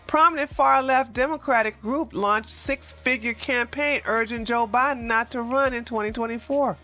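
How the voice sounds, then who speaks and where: A woman's voice: fairly high pitch, normal speed, pushed and bright, soft background music. A woman hosting casual political commentary, sarcastic and emphatic, with slangy phrasing.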